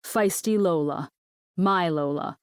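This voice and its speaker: A cocky, protective young man, voiced by a woman reading an audiobook. He talks bluntly and teasingly and swears freely, in a lowish voice with a dry, close sound. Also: slow pace, clear, resonant tone, dry recording.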